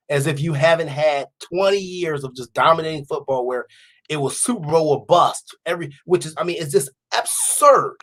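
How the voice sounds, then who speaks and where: A male podcast host in casual sports talk, animated and laughing often as he talks. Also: on the high side. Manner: animated, laughs a lot while talking.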